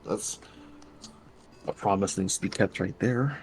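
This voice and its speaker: A man's voice: low-pitched, unhurried, a little hiss or hum. A man playing a tabletop role-playing game, talking casually and laughing easily. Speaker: player.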